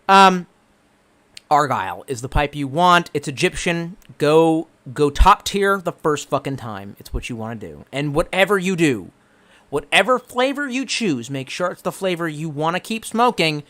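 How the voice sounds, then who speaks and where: A young man with a fairly high, fairly bright voice, hailing from the Washington DC area. He reads live stream chat aloud casually, swearing and being sarcastic, and gets progressively drunk.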